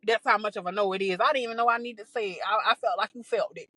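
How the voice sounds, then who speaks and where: A young adult woman hosting a podcast, telling a story in a casual, animated, profane way, with many restarts and exasperated asides. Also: medium pitch, racing, dry recording, low-quality recording. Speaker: podcast host.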